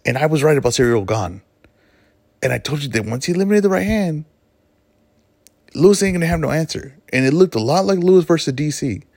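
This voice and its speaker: A man's voice: on the high side, lively intonation, a little fast, long pauses, a little mellow, no room sound, clean studio sound. A man hosting his own podcast, giving an emphatic, opinionated monologue and often correcting himself mid-sentence. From Mexican heritage. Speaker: podcast host. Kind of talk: solo podcast monologue on fights.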